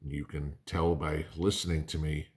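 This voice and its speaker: A man's voice: rumbling low, level tone, normal speed, noisy background. A middle-aged man hosting a prepping channel, talking casually to camera in a conversational, rambling way with folksy asides.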